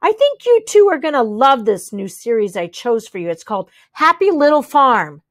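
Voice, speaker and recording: A woman's voice: high-pitched, big pitch swings, moderate pace, no echo, clean studio sound. A woman voicing a patient, upbeat elementary teacher who speaks in an encouraging, sing-song way. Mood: teacherly.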